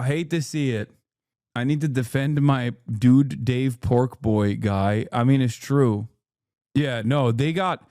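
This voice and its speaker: A man giving casual livestream commentary on the news, excitable and profane, swinging into high, incredulous outbursts. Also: no echo, clean studio sound. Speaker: streamer reacting to news.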